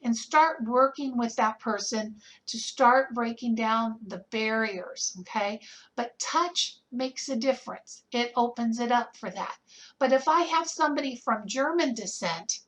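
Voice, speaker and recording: A woman's voice: fairly high pitch, pushed and bright, poor audio. A woman lecturing nursing students in a conversational way, asking rhetorical questions and checking in with "okay?". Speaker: nursing instructor. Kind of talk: recorded lecture.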